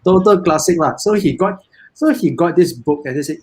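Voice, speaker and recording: Malaysian male guest, husky mid voice, rambling, restarts a lot. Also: on the high side, lively intonation, moderate pace, rough recording. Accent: Malaysian English. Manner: rambling, many restarts and "I mean to say". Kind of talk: casual live interview chat.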